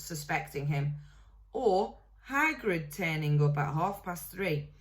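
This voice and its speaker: A woman reading a novel aloud in a steady way, now and then correcting a slip. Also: on the low side. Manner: steady read-aloud with small self-corrections. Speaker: reader.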